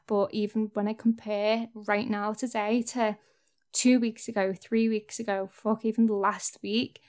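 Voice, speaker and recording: A young woman vlogging, talking candidly and earnestly to camera and swearing now and then. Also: medium pitch. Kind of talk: personal talk to camera.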